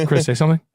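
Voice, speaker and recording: A man's voice: mellow, dry recording, clean studio sound. A middle-aged man hosting a podcast, telling a rambling story in a profane, sardonic way. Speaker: podcast host. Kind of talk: casual storytelling chat.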